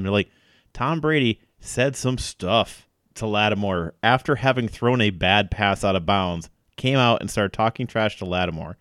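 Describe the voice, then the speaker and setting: A man co-hosting a casual sports podcast, giving blunt, quick, opinionated football analysis. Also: lowish voice, a bit bright, clean tone, dry recording, clean studio sound. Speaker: podcast co-host.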